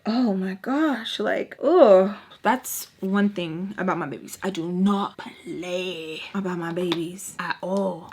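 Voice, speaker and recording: A young woman telling a casual storytime vlog, animated and profane, acting out quotes in other voices. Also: mid-range voice. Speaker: storytime vlogger.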